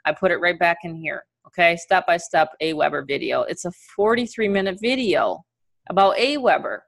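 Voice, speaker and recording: A middle-aged woman with a New York accent who runs a live webinar from a video call. Her voice sits a little low, and she talks with plenty of energy, chatting freely and laughing as she walks her listeners through a training. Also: expressive, normal speed, vocal fry. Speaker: online business coach.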